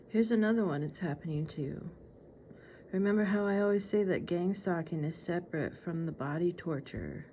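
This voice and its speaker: A woman's voice: lowish voice, mellow, a little hiss or hum. A woman vlogger talking casually to camera, earnest and insistent, with a slight lisp.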